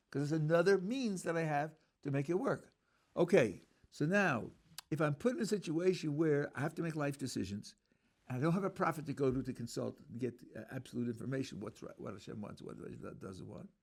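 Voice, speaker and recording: A man, a rabbi, teaching a Torah class in an explanatory way, thinking aloud with fillers and restarts. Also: on the high side. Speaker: rabbi lecturer.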